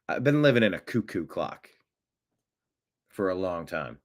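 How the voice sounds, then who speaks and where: An American host of a solo political commentary program speaks off the cuff, sarcastic and animated throughout. He raises his pitch sharply to deliver mocking asides.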